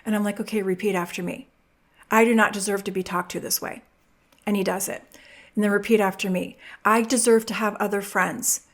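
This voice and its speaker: A woman's voice: medium pitch, brisk. A middle-aged woman hosting a podcast, giving relationship advice and acting out quoted voices as she tells stories. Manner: animated storytelling, acts out quoted voices. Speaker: podcast host.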